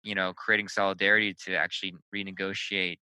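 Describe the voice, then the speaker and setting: A man with a somewhat low, smooth and resonant voice that is very bright talks haltingly, stammering and repeating words as he goes. The sound is dry and close. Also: little pitch movement, no room sound, low-quality recording. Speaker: podcast co-host. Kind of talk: casual discussion.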